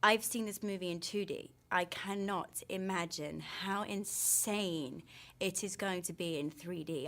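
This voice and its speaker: A woman speaking as an actress in a film press interview, recounting things with gushing enthusiasm. Her voice sits a little lower than most women's. She talks in an eager, wholehearted way throughout.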